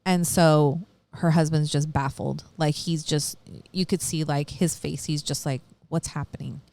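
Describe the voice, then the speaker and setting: A woman's voice: sits low, steady tone, unhurried, vocal fry, dark tone. A woman co-hosting a podcast, casually retelling a true-crime story, acting out quotes and swearing freely. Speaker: podcast co-host.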